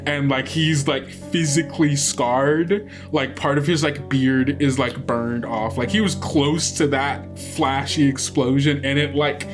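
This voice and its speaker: A man's voice: mid-range voice, fairly even intonation, a little slow, hardly any pauses, over music. Filler-heavy male game master. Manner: rambling, filler-heavy description. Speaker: game master and podcast host. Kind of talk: narrating a tabletop game.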